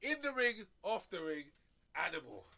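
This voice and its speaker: A man hosts a radio sports show in loose studio banter. His voice sits high and bright and swoops all over as he tells stories. He rambles in slang and often breaks into laughter. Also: big pitch swings, normal speed, gravelly.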